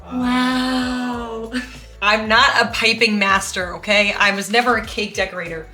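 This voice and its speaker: Bright-voiced young woman hosting a baking vlog. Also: mid-range voice, normal speed, reverberant, faint music behind. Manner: chatty and self-deprecating, laughs often. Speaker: baking show host. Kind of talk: casual home baking vlog. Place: home kitchen.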